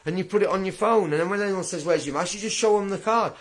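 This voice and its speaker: A man's voice: high-pitched, quick pace. A man ranting straight to camera in a blunt, combative, indignant vlog monologue. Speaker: vlogger.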